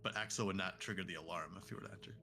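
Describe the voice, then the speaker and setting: A man with a low, gravelly voice and a bright, forceful edge, explaining his moves plainly as a tabletop player. Faint music plays under him. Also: fairly even intonation, very fast, slight background noise. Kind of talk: casual tabletop game play.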